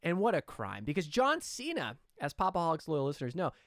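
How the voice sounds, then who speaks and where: A man hosting a casual film podcast, excitable and loose with swearing. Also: fairly high pitch, a little fast, dry recording, clean studio sound. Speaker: podcast host.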